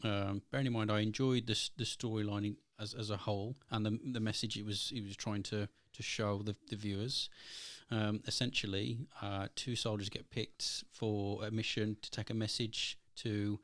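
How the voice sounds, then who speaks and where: A man's voice: fairly low pitch, little pitch movement, moderate pace, few pauses, fairly bright tone, no room sound. Rambling man reviewing a film. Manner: rambling, lots of ums and restarts. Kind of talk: casual film review chat.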